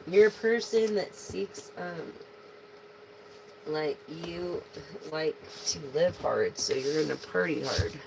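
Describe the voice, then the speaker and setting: A woman's voice: low-pitched, animated, takes it slowly, vocal fry, background noise. A woman giving a casual live tarot reading, slangy and profane, speaking to her viewers as a collective. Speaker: tarot reader.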